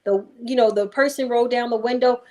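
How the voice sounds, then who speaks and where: A woman with a slightly raised pitch speaks as a guest hypnotherapist in an interview. She tells a story in a calm but emphatic way and briefly acts out other people's voices. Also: fast.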